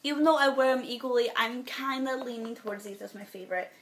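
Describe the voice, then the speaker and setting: A teenage girl chatting through her favorite products in a casual vlog, bubbly and gushing, rambling and often trailing off into soft asides. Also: a little high, fast talker. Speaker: beauty vlogger.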